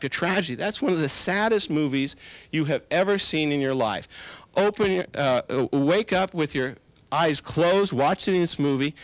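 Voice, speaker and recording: A man working as a hypnotist, guiding a seated group through a stage hypnosis induction with slow, soothing, directive suggestions. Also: mid-range voice, dry recording.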